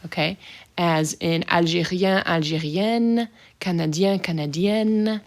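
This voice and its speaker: A woman's voice: lowish voice, slow pace. A woman teaching a French vocabulary lesson, saying each word twice, then explaining it in brief asides.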